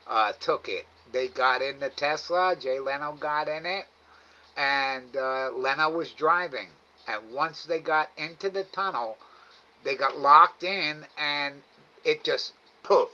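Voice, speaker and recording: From home on a live night cam stream, a middle-aged host chats slowly and loosely with viewers, reading their comments, chuckling, and often trailing off. His fairly high voice is bright and forward, though the stream audio is a bit dull and lo-fi.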